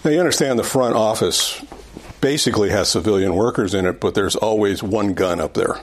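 A man's voice: lowish voice, fairly quick, slight background noise. A middle-aged man teaching an adult Sunday school class in a conversational way, often restarting phrases and repeating his points.

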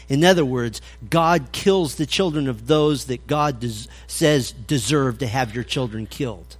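A man's voice: medium pitch, unhurried, hardly any pauses. A male pastor preaching through scripture, reading verses aloud and commenting with dry irony, with occasional stammered restarts. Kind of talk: expository sermon.

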